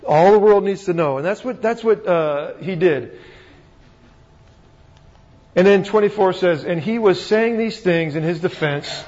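A man's voice: sits high, unhurried, pauses often, a little mellow. A man preaching a sermon to a live audience in a conversational way, asking rhetorical questions and often restarting his sentences. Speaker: pastor. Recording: dull recording in a reverberant hall.

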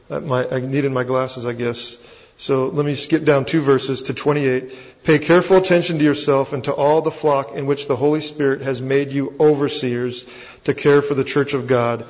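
A man with a Texan accent, teaching a Bible lesson as a pastor in a folksy, self-deprecating, conversational way. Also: a little high. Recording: dull recording with long hall reverb.

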